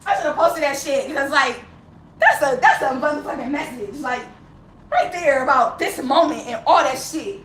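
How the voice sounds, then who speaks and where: A woman's voice: high voice, lively intonation, normal speed, a bit bright, a little hiss or hum. A woman ranting with emotion to camera, heavily profane and impassioned, laughing bitterly and near tears, recorded with a roomy echo. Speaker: vlogger. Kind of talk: unscripted emotional rant to camera. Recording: roomy echo with faint ambience.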